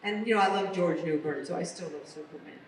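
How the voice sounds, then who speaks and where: An American voice actress from the United States chats casually as a guest on a convention panel, telling stories in an animated, chatty way. Her voice is fairly low and fast, with a crowd audible behind her. The sound is echoey, captured from far off in a large convention hall.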